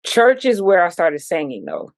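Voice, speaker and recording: Animated woman storyteller, low dry voice. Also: normal speed, gravelly, no room sound. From Virginia. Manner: animated storytelling, sings out rhythms and sound effects. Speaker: musician guest. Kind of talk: casual interview.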